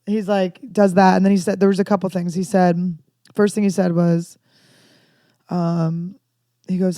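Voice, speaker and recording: A woman comedian in her thirties telling candid, rambling stories with dark jokes in a casual podcast chat. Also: fairly low pitch, flat delivery, a little slow, long pauses, no echo, clean studio sound. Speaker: comedian guest.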